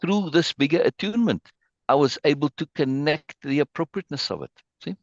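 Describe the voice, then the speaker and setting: A man's voice: fairly high pitch, expressive, brisk, no room sound, dull audio. A man leading an online meeting, emotionally praising a poem and reading it aloud, repeating words as he goes. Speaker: spiritual group leader. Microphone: video call.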